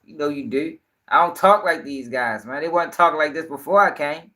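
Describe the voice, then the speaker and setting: A young man hosting a casual livestream. His voice is bright and forceful, and his talk is rambling, profane and animated as he riffs on the news. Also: fairly high pitch, brisk. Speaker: commentary livestream host.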